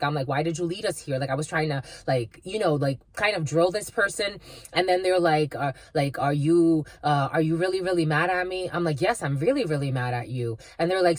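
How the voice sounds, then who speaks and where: A woman's voice: fairly low pitch, no echo. A woman giving a casual spiritual reading, rambling with many fillers and restarts. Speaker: spiritual reader.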